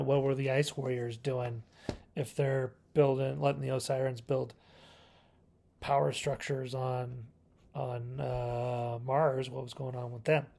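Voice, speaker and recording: Gravelly-voiced man rambling about old TV. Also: medium pitch, darkish tone. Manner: rambling, self-correcting, chuckling. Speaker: video host reviewing a classic TV serial. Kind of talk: casual review monologue.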